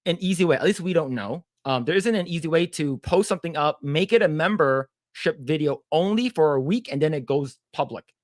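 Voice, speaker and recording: A man's voice: fairly high pitch, lively intonation, a little fast, few pauses, dry recording, studio quality. A man co-hosting a casual livestream, stammering and repeating words as he reads the chat aloud. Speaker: podcast co-host.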